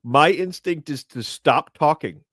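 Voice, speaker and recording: A man in his fifties co-hosting a casual talk show, animated and indignant, his voice jumping up when he gets worked up. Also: on the high side, a little slow, no echo, studio quality. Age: 50s. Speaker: podcast co-host.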